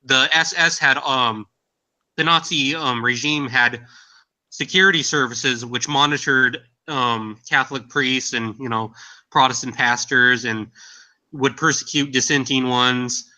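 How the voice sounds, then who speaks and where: Halting man with a sharp, bright voice. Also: mid-range voice, steady tone, rough recording. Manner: halting, with frequent ums. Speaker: panel guest.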